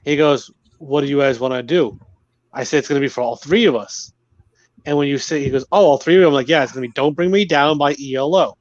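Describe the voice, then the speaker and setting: A man telling friends a story at an easy pace, quoting people and pausing on small fillers. His voice sits mid-range. The sound is dry and slightly muffled. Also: medium pitch, no room sound. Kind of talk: casual chat.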